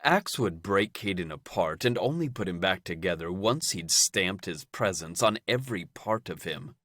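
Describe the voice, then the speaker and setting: A man narrating a romance audiobook in a steady, even storytelling delivery. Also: low-pitched, no room sound, clean studio sound.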